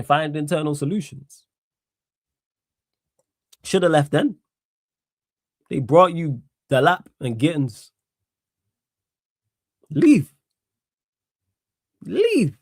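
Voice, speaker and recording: A man's voice: a little high, dry recording, clean studio sound. Blunt, swearing man streaming solo. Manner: blunt, sarcastic, repeats points emphatically, swears. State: tired. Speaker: streamer host. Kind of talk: solo live-stream sports Q&A.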